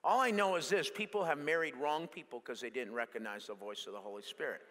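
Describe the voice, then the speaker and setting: A male pastor preaching an animated sermon that mixes in jokes. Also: medium pitch, quick pace. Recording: long hall reverb.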